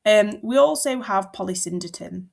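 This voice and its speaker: A woman's voice: medium pitch, expressive, normal speed, gravelly, a little mellow. A young woman teacher explaining a poem in a chatty, informal way, with asides. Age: young adult. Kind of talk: classroom-style explanation.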